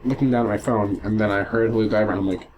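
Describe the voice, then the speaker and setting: A man's voice: fairly low pitch, fairly even intonation, racing, darkish tone, a little hiss or hum, poor audio. A man co-hosting a casual podcast, telling stories in a rambling way with many restarts. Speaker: podcast co-host. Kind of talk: casual chat.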